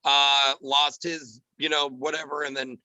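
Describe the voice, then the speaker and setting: Animated man with a bright, dry voice. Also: medium pitch, no room sound, lo-fi sound. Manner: animated, quick, drops into character voices. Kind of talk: casual podcast chat.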